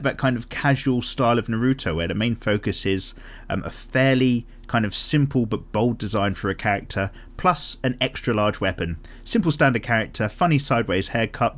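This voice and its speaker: A man's voice: mid-range voice, a little fast, fairly bright tone. A man hosts a casual art chat, reading viewer comments aloud in a rambling, self-deprecating way with frequent ums. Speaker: art channel host.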